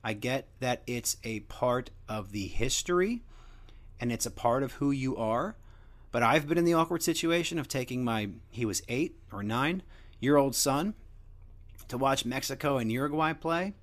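Young man, casual monologue, crude jokes, rambling, lively pitch swings. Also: normal speed. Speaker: podcast host.

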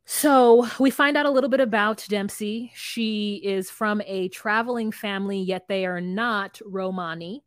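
Woman cohost, relaxed and hesitant, mid voice, dry close sound. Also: mid-range voice, a little slow, few pauses, clean tone, no echo. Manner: laid-back, hesitant, laughs easily. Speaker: podcast co-host. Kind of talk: casual chat recap.

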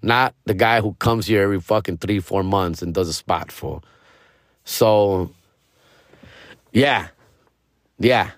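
A man's voice: on the low side, slow, long pauses, no echo. Slangy, cussing middle-aged man, dry mic. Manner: profane, slangy, peppered with "fool" and "dog", drops into Spanish slang. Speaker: stand-up comedian and podcast host. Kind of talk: casual storytelling monologue.

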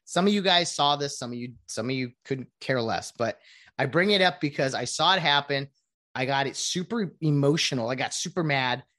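Woman in a rambling, lively sports rant. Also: very deep voice, normal speed. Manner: rambling, with many restarts and asides. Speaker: sports commentator. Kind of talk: casual rant to viewers.

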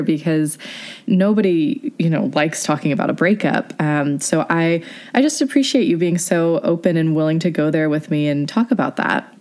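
A woman's voice: deep voice, a little mellow. A woman hosting a casual interview podcast, asking long, supportive questions. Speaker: podcast host.

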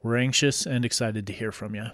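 A man co-hosting a podcast, reading a smooth sign-off script. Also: medium pitch, fairly even intonation, a little fast, fairly bright tone, dry recording, clean studio sound. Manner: laughs often, reads outro smoothly. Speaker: podcast co-host. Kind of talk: casual chat and read outro.

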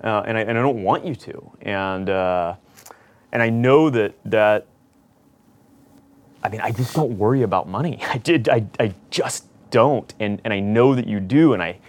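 A man, a business cofounder, speaking earnestly and reassuringly to his partner, with halting restarts. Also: fairly low pitch. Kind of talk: candid conversation in a therapy session.

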